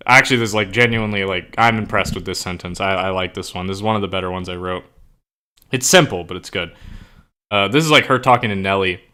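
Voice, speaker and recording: A man's voice: low voice, quick pace, sharp tone, clean tone. A young man chatting casually as a streamer, loose and profane, saying "like" and "bro" a lot and eagerly explaining slang. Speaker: streamer and writer. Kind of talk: casual chat while writing.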